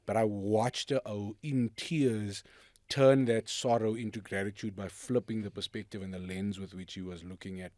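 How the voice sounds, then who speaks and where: A man's voice: fairly low pitch, fairly even intonation, normal speed, a little mellow, no echo. A man hosting a podcast, talking earnestly in casual chat, telling stories with restarts. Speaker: podcast host.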